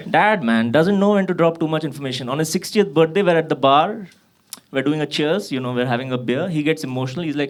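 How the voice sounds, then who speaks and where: A man in his thirties from Kashmir performs a profane stand-up set in a club, his slightly high voice lively and at normal speed as the crowd laughs around him. His punchlines come out exasperated, and his voice leaps upward whenever he gets worked up.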